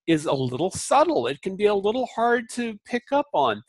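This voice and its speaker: A man teaching a recorded Sanskrit lesson, repeating syllables slowly and explaining them in a relaxed way with many fillers. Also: sits high, dry recording. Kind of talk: recorded lecture.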